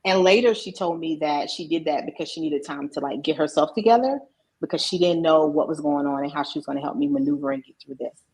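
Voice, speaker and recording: Brief: middle-aged woman, low husky voice, candid personal storyteller. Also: fast, darkish tone, rough recording. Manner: candid, emotional, acts out quoted voices. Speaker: podcast guest, mindset coach.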